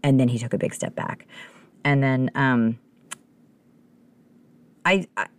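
A woman hosting a podcast, telling a story in a casual, profane, animated way and laughing often. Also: extremely low pitch, takes it slowly, dry recording. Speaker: podcast host.

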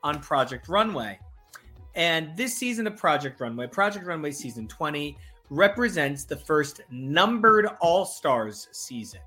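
A man with a bright, ringing voice hosting a casual podcast over a call. He talks in excited bursts full of fillers and quips. Soft music sits underneath. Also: fairly high pitch, a little slow. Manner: excitable, many fillers, joking. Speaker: podcast host. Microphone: remote call.

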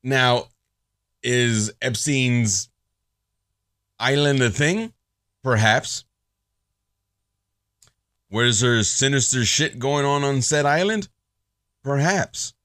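A man hosting his own podcast, ranting in a sarcastic, profane, animated monologue. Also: medium pitch, takes it slowly, smooth, no room sound, studio quality. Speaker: podcast host.

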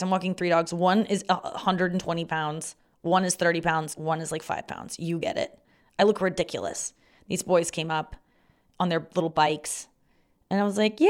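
Swearing young woman telling stories. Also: fairly low pitch. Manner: swears freely, acts out loud quoted shouts. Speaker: podcast host. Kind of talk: casual storytelling monologue.

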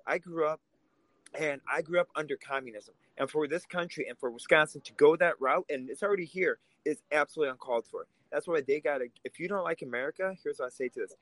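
A man's voice: fairly high pitch, quick pace, fairly bright tone, no echo, low-quality recording. A man from Russia, co-hosting a political podcast and talking in a heated, emphatic way. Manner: heated, emphatic, swears when angry. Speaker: podcast co-host.

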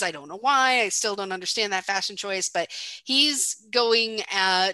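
A woman's voice: medium pitch, sharp tone, no room sound. A woman co-hosting a podcast, retelling a film's story in a chatty way, full of fillers. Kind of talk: casual film recap chat.

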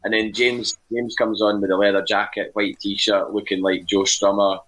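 A Scottish man with a very deep, low-pitched voice chats on a podcast. He tells long, wandering stories full of fillers and small restarts, in a relaxed conversational way. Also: moderate pace, rough recording. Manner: rambling anecdotal storytelling with many fillers. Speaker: podcast co-host and music writer. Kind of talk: casual podcast chat.

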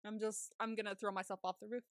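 A young woman co-hosting a casual recap podcast, talking in an animated way, swearing and laughing often. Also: mid-range voice, fast talker, dry recording, studio quality. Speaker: podcast co-host.

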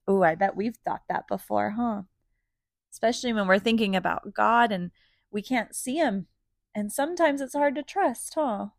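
A woman reading a children's picture book aloud, gentle and animated, pausing to ask questions. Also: mid-range voice, creaky, no room sound, studio quality. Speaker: storybook reader for children.

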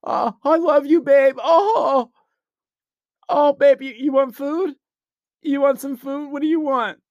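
A man's voice: very high voice, slow, no echo, highs cut off, voice pushed up, exaggerated voice. A man putting on the voice of a whiny, doting lovesick boyfriend in a mocking, gushing way. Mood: gushing mockery.

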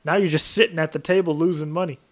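A man co-hosting a podcast, chatting in a relaxed way with lots of "like" fillers. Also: fairly high pitch, fast talker. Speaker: podcast co-host. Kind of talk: casual chat.

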